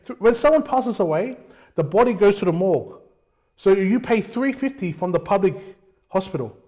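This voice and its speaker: A man's voice: high voice, very animated, moderate pace, darkish tone. A man hosting a talk show, delivering passionate, opinionated political commentary, often calling listeners "mate". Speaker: show host.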